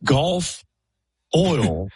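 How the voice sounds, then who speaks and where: A man's voice: on the high side, big pitch swings, drawn-out words, husky, no room sound. A man co-hosting a casual podcast, jumping in with teasing questions. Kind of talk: casual chat.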